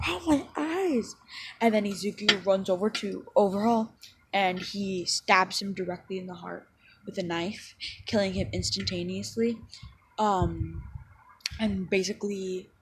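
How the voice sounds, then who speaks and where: A woman's voice: mid-range voice, a little hiss or hum, low-quality recording. Rambling woman telling a fan story. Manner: rambling, filler-heavy retelling with quick acted quotes. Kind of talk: casual spoken fan story.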